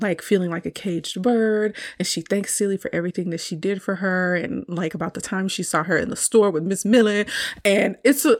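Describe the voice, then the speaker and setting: A woman hosting a solo review podcast, retelling a film scene in a chatty, casual way and laughing often. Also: medium pitch.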